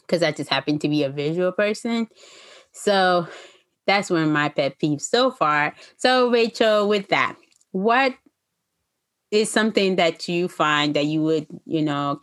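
Low-voiced chatty Haitian woman. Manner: chatty, full of fillers. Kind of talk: casual chat.

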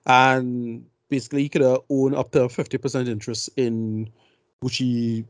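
A man's voice: medium pitch, flat delivery, normal speed, no echo. A man giving blunt, rambling film opinions in a casual podcast chat. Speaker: film review podcast co-host.

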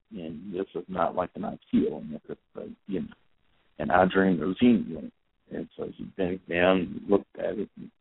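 Guy in his 30s rambling through a story, low gravelly voice, tinny dry phone sound. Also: no echo. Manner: rambling, with fillers and self-corrections. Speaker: podcast host. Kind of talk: casual storytelling monologue.

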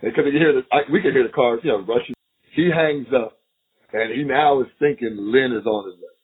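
Middle-aged man, husky voice, animated storyteller, phone-line audio. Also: mid-range voice, a little fast. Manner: animated, laughing storyteller who acts out quotes. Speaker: retired FBI agent, podcast guest. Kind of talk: storytelling interview.

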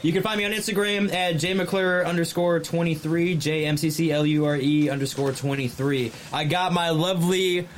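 Guy hosting a podcast, kinda high voice, jokey, says stuff twice, faint noise behind. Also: fairly even intonation, moderate pace, hardly any pauses. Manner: joking, repeats himself for emphasis. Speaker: podcast host. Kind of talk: casual podcast chat.

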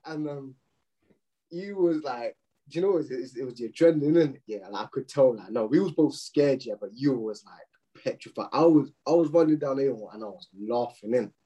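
A man's voice: medium pitch, animated, a little fast, mellow, slightly rough, rough recording. A young man recalling a story in casual chat, checking in with "yeah?" and "innit". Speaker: podcast co-host.

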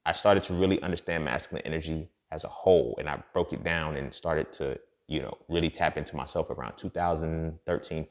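A man with a very low, deep voice delivers a loose podcast monologue. He swears freely and sounds preachy, leaning on fillers like "you feel me" as he works through his points. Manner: profane, preachy, conversational with many fillers. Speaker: podcast host. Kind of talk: casual monologue.

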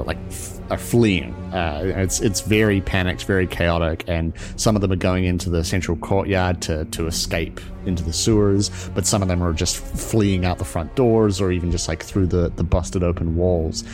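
A man with a very low voice narrates a tabletop adventure as game master. He pauses and restarts often while he tells the scene. Quiet music sits in the background. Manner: halting, filler-heavy storytelling.

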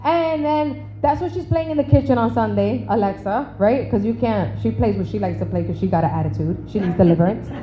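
A woman preaching to a church, telling a funny story with animated acted-out dialogue, then slowing to emphatic phrasing on scripture. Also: mid-range voice, heavy background noise. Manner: animated, humorous, acts out conversations. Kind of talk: sermon with storytelling. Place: church service.

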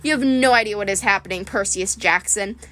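A woman's voice: medium pitch, brisk, pushed and bright, a little hiss or hum, natural voice. A woman reading aloud and voicing a cold, mocking male monster posing as a vice principal.

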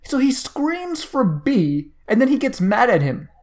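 A man's voice: very high-pitched, sing-song, unhurried. A man co-hosting a casual movie review podcast, teasing his partner and steering talk from written notes. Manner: teasing, leads with prepared notes. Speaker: podcast co-host.

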